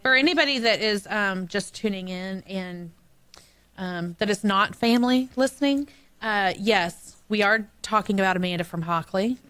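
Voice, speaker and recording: Bright-voiced woman co-host. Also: mid-range voice, normal speed, clean tone. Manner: storytelling, laughing easily. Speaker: radio show co-host. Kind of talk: casual family chat.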